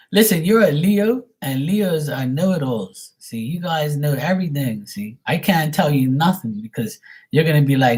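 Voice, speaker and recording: A man's voice: mid-range voice, animated, normal speed. A man who reads tarot on a live stream, ranting bluntly and profanely to his viewers. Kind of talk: casual rant to viewers.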